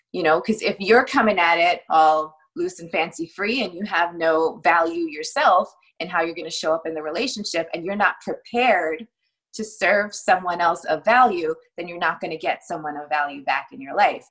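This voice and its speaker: A woman with a rather low voice, speaking as a guest on a panel. She gives long, earnest advice in a casual discussion. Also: fairly bright tone, low-quality recording.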